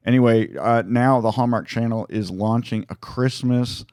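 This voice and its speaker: A man's voice: medium pitch, moderate pace, darkish tone, clean tone, dry recording. A man co-hosting a casual comedy podcast in a studio, chatty and laughing as he reads news items. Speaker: podcast co-host.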